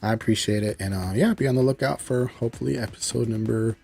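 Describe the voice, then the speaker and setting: A man casually recapping a cartoon episode, rambling with lots of fillers and excited exclamations. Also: mid-range voice, fast, gravelly. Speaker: show reviewer.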